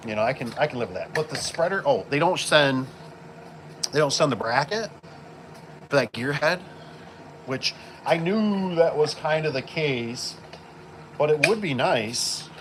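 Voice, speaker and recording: A man's voice: fairly high pitch, animated, a little slow, pauses often, fairly bright tone. A man who installs garage doors, chatting casually and rambling with lots of fillers while he works with tools on a job site. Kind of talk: casual work vlog chat. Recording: work-site background noise with vehicles.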